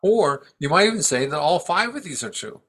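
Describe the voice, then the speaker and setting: Older male teacher, 70s, bright clear tone, reflective, pausing speech. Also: fairly high pitch, sing-song. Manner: thoughtful, halting, restarts often. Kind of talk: reflective dharma talk.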